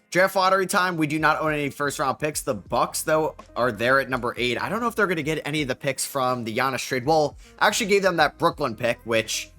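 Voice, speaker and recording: A young man commentating his basketball video game as he plays, excitable and quick to groan and yell at bad plays. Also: medium pitch. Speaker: gaming YouTuber. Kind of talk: game commentary while playing.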